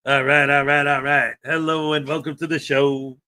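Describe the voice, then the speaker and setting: A man's voice: a little high, little pitch movement, moderate pace, sharp tone. A man hosting a live stream, chatting casually and rambling, often laughing and trailing off mid-thought. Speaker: host.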